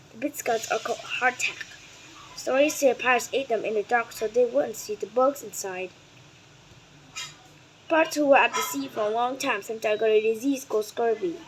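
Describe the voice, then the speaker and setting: A woman whose first language is Vietnamese reads a children's nonfiction book aloud in English, carefully and deliberately, sometimes stumbling and correcting herself. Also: on the high side, a little hiss or hum, poor audio.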